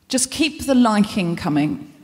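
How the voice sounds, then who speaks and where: A woman's voice: medium pitch, a little mellow, a little hiss or hum. A woman hosting a live comedy podcast, delivering a rambling, anxious, self-deprecating stand-up monologue on a large concert hall stage. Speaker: podcast host. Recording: long concert hall reverb.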